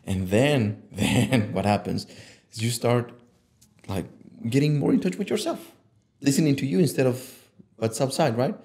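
A man's voice: mid-range voice, normal speed, vocal fry. Passionate, cursing male podcast guest. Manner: passionate, swears freely, animated when quoting himself. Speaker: podcast guest, image consultant. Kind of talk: casual conversation.

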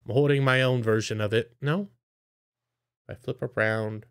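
Casual male anime reviewer, mid-pitched, rambling recap with acted-out character lines. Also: steady tone, moderate pace, smooth. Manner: rambling, filler-heavy, acts out characters' lines.

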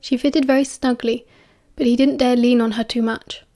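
A woman with a British accent reading a novel aloud as audiobook narration, dropping softly into hushed voices for the dialogue. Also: fairly high pitch, fairly even intonation, normal speed. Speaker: fan audiobook reader.

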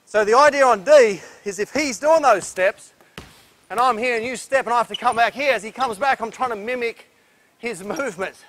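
On an indoor court, a high-voiced Australian man runs a basketball clinic, explaining defensive moves as he demonstrates them. He's energetic and instructive at a moderate pace, huffing and breathless from the drills.

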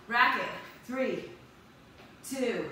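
Heard from a distant mic in a very echoey room with faint noise, a woman instructor calls out counts briskly and encourages her live workout class in an upbeat way. Her voice is on the high side and sharp in tone.

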